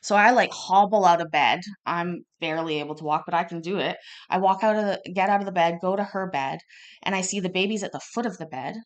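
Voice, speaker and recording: A woman in her thirties telling a personal story in a casual, rambling way, restarting often and acting out quoted lines loudly. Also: fairly low pitch, brisk. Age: 30s. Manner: chatty and rambling, with many restarts; acts out quoted lines with sudden bursts of loudness. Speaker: podcast host.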